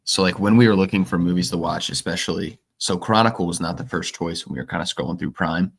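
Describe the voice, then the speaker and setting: A man co-hosting a movie podcast, telling an anecdote in a casual, animated way. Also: deep voice, quick pace, gravelly, husky. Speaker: podcast co-host. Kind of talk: casual storytelling chat.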